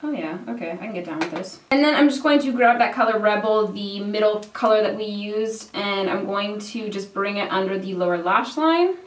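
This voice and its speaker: Doing her makeup, a Canadian beauty vlogger in her twenties keeps up a casual chat full of filler words and swearing. She speaks at medium pitch and a moderate pace with few pauses. A distant, set-back mic makes it sound roomy.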